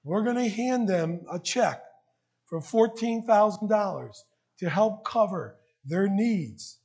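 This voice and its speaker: A man's voice: high-pitched, expressive, slow pace, a little mellow, husky. A man preaching a sermon to his church, earnest and openly emotional, building to emphatic rising questions. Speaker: pastor. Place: church sanctuary.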